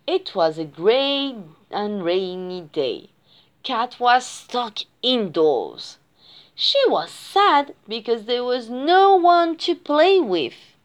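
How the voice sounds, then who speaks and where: A woman's voice: on the high side, sing-song, slow. A woman reading a children's picture book aloud in a sing-song storytelling way. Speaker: reader.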